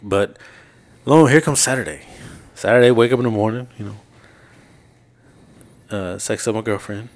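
A man's voice: on the low side, normal speed, long pauses. A man co-hosting a podcast, telling long stories from his week in casual, profane chat and acting out what people said. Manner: profane, animated retelling with laughs. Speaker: podcast co-host.

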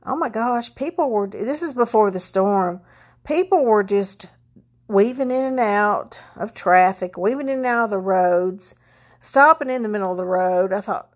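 A woman talks casually to her viewers as a vlogger. She rambles from one thing to the next, filling gaps with ums and starting sentences over. Her voice sits at an ordinary middle pitch. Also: moderate pace, a little mellow. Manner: rambling, chatty, many fillers and restarts. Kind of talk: casual chat.

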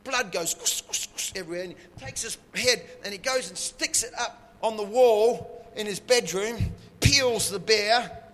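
A man's voice: high-pitched, unhurried, a bit bright, long reverb tail. A man preaching, telling a story playfully with lots of sound effects. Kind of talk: animated sermon storytelling.

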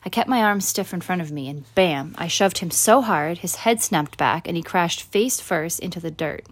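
A woman with a lower, unhurried voice reads a first-person children's story aloud. She narrates steadily and lifts her voice brightly whenever a character speaks. Her storytelling is plain and clear. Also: animated. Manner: voices characters with raised pitch and louder quotes. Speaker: audiobook narrator.

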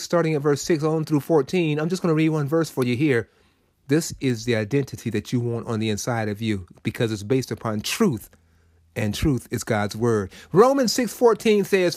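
High-voiced preaching man, dry sound. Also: moderate pace, a little mellow, no room sound. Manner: folksy and preachy, talks straight to listeners. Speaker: radio preacher. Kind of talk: sermon.

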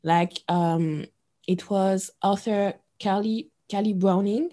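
A woman's voice: mid-range voice, steady tone, takes it slowly, warm tone. A woman talking as an interview guest, thoughtful and a little hesitant, with fillers as she explains. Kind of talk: interview conversation.

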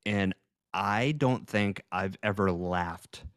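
A man's voice: fairly low pitch, slow, clean tone, dry recording, clean studio sound. A man co-hosting a podcast, telling a story with lots of laughter and acting out his own quoted lines. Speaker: podcast co-host. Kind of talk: casual anecdote telling.

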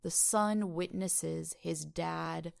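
A woman co-hosts a casual film review chat, walking through scenes in lively detail. Her voice sits a little low with a gravelly, fry-laden texture. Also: very slow. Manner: animated, retells scenes in detail. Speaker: podcast co-host.

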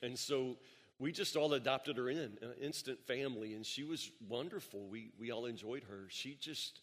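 A man's voice: mid-range voice, moderate pace, a bit bright. A male pastor preaching a sermon, telling stories with emphatic rises and repeated words. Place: church sanctuary. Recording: long reverb of a large hall.

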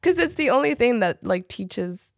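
Young woman w british accent, gravelly edge to her voice, dry close sound, chatty and says "like" constantly. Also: a little high, very animated, moderate pace, no echo. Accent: British English. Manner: chatty, many "like" fillers, laughs often. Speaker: actor, podcast guest. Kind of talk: casual interview chat.

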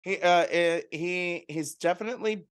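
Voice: mid-range voice, normal speed, clear, resonant tone. A podcast co-host in casual chat, playful and laughing often.

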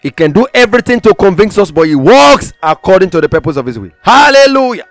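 A man's voice: high-pitched, big pitch swings, fast, no echo, faint music behind. A man preaching a sermon, emphatic, repeating phrases for stress and reading scripture aloud in old-fashioned wording.

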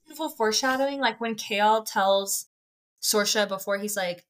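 A woman co-hosting a book podcast, retelling the plot in an animated, slangy, expressive way. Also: medium pitch, moderate pace. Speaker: podcast co-host. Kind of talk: casual book-club chat.

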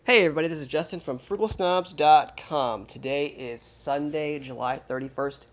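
A man's voice: fairly high pitch, dull audio, faint music behind. A man hosting a podcast in a small studio, joking at his own expense as he chats. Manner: jokey, self-deprecating, fast promo patter. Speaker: podcast host. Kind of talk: casual podcast chat.

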